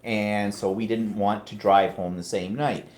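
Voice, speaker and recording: A man's voice: lowish voice, steady tone, unhurried, darkish tone. A middle-aged Canadian man with a Canadian accent, chatting casually on a live stream and reading out viewer comments.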